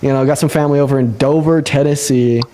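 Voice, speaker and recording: A young man hosts a casual livestream debate in a quick, loose way. He laughs often, swears freely and his voice leaps sharply upward whenever he gets excited. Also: a crowd in the background. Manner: fast, laughing, swears a lot, jumps high in pitch when excited. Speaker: livestream host.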